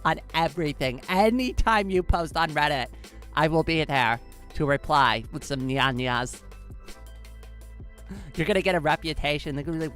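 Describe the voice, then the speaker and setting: Excitable giggly woman streamer. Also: deep voice, moderate pace, soft background music. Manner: excitable, giggly, says "like" a lot. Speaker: live streamer. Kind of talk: casual live-stream chat.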